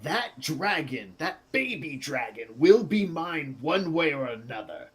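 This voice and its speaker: A man's voice: a little high, big pitch swings, measured pace, husky, pitched above the performer's own voice, exaggerated voice. A man voicing a scheming, greedy prince who threatens children in a tabletop game. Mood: threatening.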